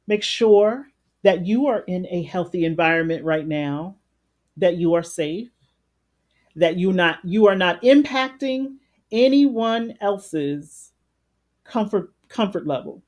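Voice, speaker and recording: A woman life coach with a big, loud voice leading a live-streamed guided meditation. She talks conversationally, greets viewers by name and repeats phrases for emphasis. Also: fairly low pitch, animated, takes it slowly.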